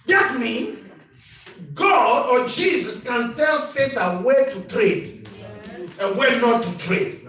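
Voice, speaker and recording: High-voiced preaching man, echoey hall. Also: animated, measured pace. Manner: call-and-response preaching, rising to shouts. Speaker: bishop preaching. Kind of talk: sermon. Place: church hall. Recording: echoey church sound from far off.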